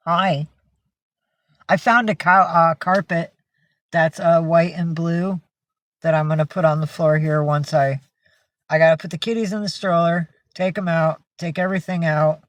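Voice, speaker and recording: A woman's voice: fairly low pitch, steady tone, moderate pace, no echo. A middle-aged woman hosting a casual livestream, who chats, reads out viewer names and coos at her pets. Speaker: livestream host.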